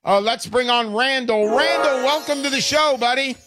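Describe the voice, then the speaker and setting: A man's voice: very high voice, normal speed, over music. Brash hard-selling male show host. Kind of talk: call-in show sales pitch.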